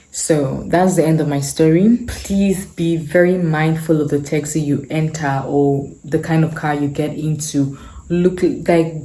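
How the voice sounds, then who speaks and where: A woman's voice: sits low, dark tone. A woman, earnestly telling a personal story to camera and repeating phrases for emphasis. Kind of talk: casual storytelling. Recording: echoey room.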